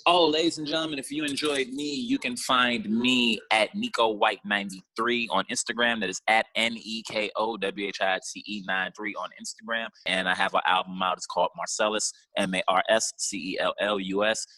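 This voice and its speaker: A man doing stand-up comedy over a video call, telling a story in an animated, slangy way with acted-out dialogue. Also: fairly low pitch, moderate pace, hardly any pauses, no echo, low-quality recording.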